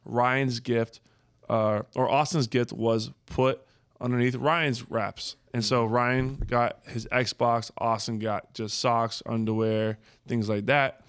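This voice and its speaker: Young man, podcast host, casual storytelling, animated, mid-pitched. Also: slow pace, smooth, no echo, clean studio sound. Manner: animated storyteller, jumps to screaming impressions. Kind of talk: casual storytelling chat with brothers.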